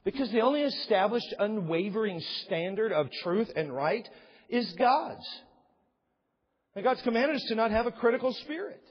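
A man's voice: high voice, expressive, normal speed, slightly rough. A man preaching a sermon emphatically, repeating key phrases for weight, with an aside now and then. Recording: long reverb, dull lo-fi sound.

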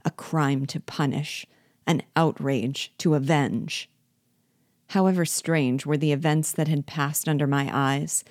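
A woman reading a classic novel aloud in a measured, expressive storytelling manner. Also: deep voice, dry recording, studio quality. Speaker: reader.

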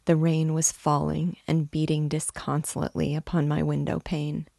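A woman reading a classic novel aloud in a measured, steady way as host. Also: sits low, creaky, dry recording, clean studio sound. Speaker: book reader.

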